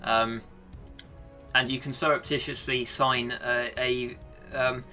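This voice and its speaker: A man runs a tabletop game as game master, describing the scene slowly with many pauses and fillers. His voice is bright, with faint music underneath. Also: medium pitch, little pitch movement.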